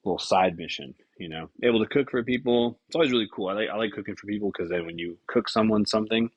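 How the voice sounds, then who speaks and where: A man's voice: fairly low pitch, quick pace, husky, no room sound, dull audio. A man hosting a solo podcast, rambling casually with frequent swearing and tangents. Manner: casual, profane, scattered and self-interrupting. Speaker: podcast host.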